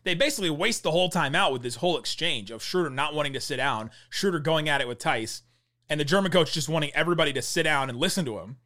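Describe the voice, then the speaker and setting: A man's voice: on the high side, expressive, fast, pushed and bright. A young man hosting a basketball show, rambling through a casual game breakdown and laughing mid-sentence. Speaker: basketball podcast host. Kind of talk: casual sports analysis.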